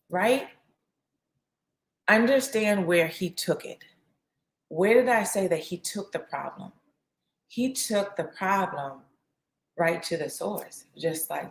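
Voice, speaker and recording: A woman delivers a relaxed, conversational sermon at an ordinary pitch. She leans on repetition for emphasis and tosses in casual asides like "right?" and "you know". Her voice rings in a roomy, echoey space. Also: slow pace, long pauses. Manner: repeats phrases for emphasis and acts out quotes. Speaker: speaker teaching a faith lesson.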